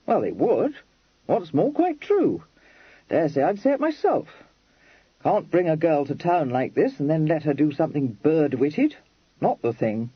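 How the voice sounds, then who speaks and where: A man's voice: fairly high pitch, big pitch swings, a little slow, husky, no room sound, full character voice. A man voicing a mild, blunt young Regency dandy who talks in clipped, slangy phrases and drops his words. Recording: dry, dull lo-fi recording.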